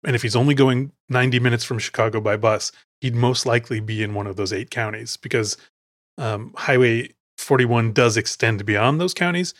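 A man's voice: medium pitch, normal speed, a bit bright, no room sound, studio quality. A man hosting a podcast, chatting casually and digressively as he recounts film scenes. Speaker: podcast host.

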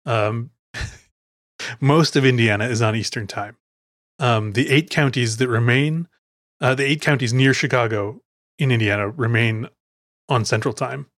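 Brief: male podcast host, mid-pitched, chatty and tangential, dry close mic. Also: measured pace, long pauses, fairly bright tone, dry recording. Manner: chatty and digressive, recounts scenes. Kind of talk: casual film discussion.

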